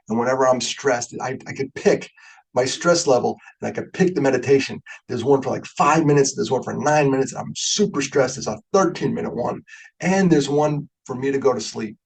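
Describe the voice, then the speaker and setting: Middle-aged male guest speaker, husky, gravelly; casual, joking, candid delivery. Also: medium pitch, rough recording. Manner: conversational and joking, openly emotional. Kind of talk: webinar talk.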